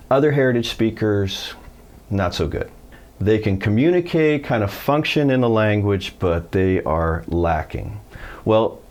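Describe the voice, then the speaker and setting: A middle-aged American man teaching a Spanish lesson in English, telling stories and acting out quoted speakers with lively pitch jumps. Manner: animated storytelling, acts out quoted voices. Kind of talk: video lesson.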